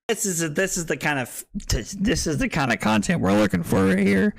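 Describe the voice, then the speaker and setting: A tipsy man streaming live, chatting loudly and jokily into a streaming mic, swearing and laughing often. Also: high voice, lively intonation, normal speed, gravelly, noisy background. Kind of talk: casual live-stream chat. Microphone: streaming microphone.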